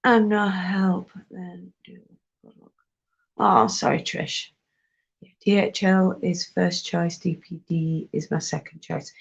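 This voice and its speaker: A woman's voice: lowish voice, steady tone, slow pace, gravelly, dull audio. A woman chatting casually on a live stream, reading out and answering viewers' questions. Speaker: fibre craft live-streamer.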